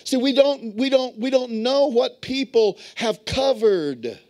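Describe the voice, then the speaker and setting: A bishop who settled in Texas as an adult preaches in a church sanctuary with a very high, animated, slightly mellow voice at a slow pace. His sermon is full of stories, and he keeps calling on the congregation to answer.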